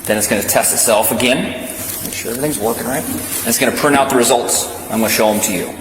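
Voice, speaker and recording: A male police officer calmly walking someone through a breath test in a station room, patient and reassuring. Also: medium pitch, fast talker. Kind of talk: calm instructions during a breath test. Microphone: body camera. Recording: echoey room with loud ambient noise.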